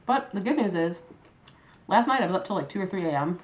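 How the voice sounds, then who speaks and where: A young woman vlogger chatting casually to her viewers, telling a story in a lively, animated way and swearing freely. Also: medium pitch, fairly quick. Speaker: mukbang vlogger. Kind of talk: casual storytime chat to camera. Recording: roomy echoey room.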